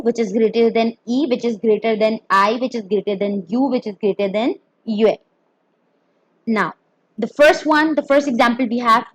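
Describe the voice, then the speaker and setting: A woman's voice: a little high, no room sound, low-quality recording. A woman teaching a beginner Mandarin pinyin lesson, explaining carefully and demonstrating each tone.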